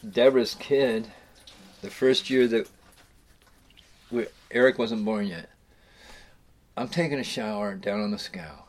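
A man's voice: fairly low pitch, a little slow, pauses often. Rambling, profane middle-aged man telling stories. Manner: rambling, profane, with frequent restarts and chuckles. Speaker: storyteller recounting fishing trips. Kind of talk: casual spoken storytelling.

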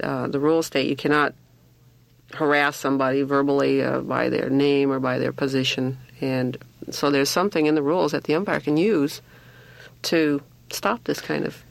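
A man who umpires softball, talking in a firm, plainspoken way in a casual radio discussion. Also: medium pitch, flat delivery, normal speed, gravelly, no echo.

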